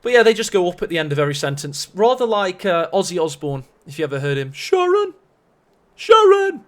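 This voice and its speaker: A man's voice: fairly high pitch, fast. A man casting a strategy-game match on a live stream, chatty and rambling with self-mocking asides. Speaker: esports caster.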